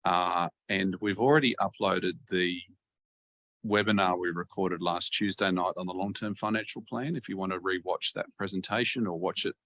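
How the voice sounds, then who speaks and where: A man chairing a council webinar, measured and hesitant with many fillers. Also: low voice, fairly even intonation, fairly bright tone. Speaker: meeting chair.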